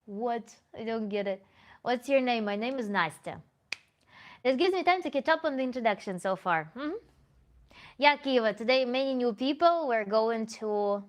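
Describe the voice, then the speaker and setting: A woman in a relaxed livestream Q&A, answering viewers as a tantra coach. She speaks a little high, thinks aloud, and often corrects herself mid-sentence. A light laugh slips in now and then. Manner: thoughtful, self-correcting, with small laughs. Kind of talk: livestream Q&A, reading chat comments.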